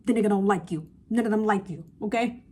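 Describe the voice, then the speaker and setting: Speaking fast in a medium-pitched, somewhat mellow voice with a breathy edge, this young vlogger rants casually, podcast-style. Her advice to viewers is blunt, emphatic and profane, and a phone camera records it.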